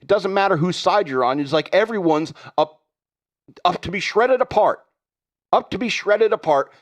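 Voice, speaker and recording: A man's voice: high voice, lively intonation, normal speed. A man hosting a podcast, delivering a rambling, sarcastic comedic rant and laughing at his own jokes. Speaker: podcast host.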